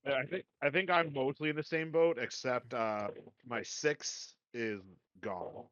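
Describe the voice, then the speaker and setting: A man's voice: medium pitch, unhurried, a bit bright, no echo. A man playing a tabletop game, easygoing and hedging as he talks it through. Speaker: player. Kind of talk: casual tabletop game chat. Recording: dull lo-fi mic.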